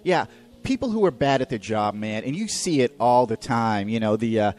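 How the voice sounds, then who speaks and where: A man's voice: medium pitch, lively intonation, fairly quick, a little mellow, faint music behind. A man hosting a podcast, ranting profanely and mocking people in put-on voices. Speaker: podcast host. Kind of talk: ranting comedic monologue.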